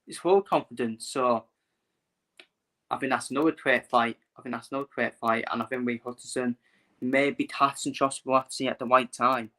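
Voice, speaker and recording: A man's voice: medium pitch, fairly even intonation, moderate pace, a bit bright. A man talking casually to viewers in a live stream, often repeating his phrases and filling gaps with "uh". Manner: repeats himself, fillers, talks to viewers. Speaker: boxing vlogger.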